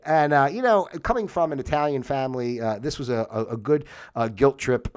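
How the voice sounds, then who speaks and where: A man's voice: mid-range voice, brisk, a little mellow. A man hosting a livestream, talking through ideas in a rambling, reflective way with many fillers and restarts. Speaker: host. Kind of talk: casual livestream monologue.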